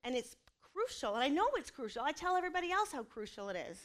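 Talking fast and very animatedly in a high, slightly bright voice, a mother in her thirties offers a personal testimony. She's open and sincere about faith and family and throws in self-deprecating comments.

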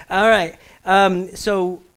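A man, a pastor with a slightly higher voice preaching in a church sanctuary over a stage microphone. He keeps it loose and conversational, cracking jokes and checking that the congregation is following. It sounds more like easy talk from the pulpit than a formal address. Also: fairly bright tone, rough recording. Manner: jokey, conversational preaching with lots of audience check-ins. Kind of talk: sermon.

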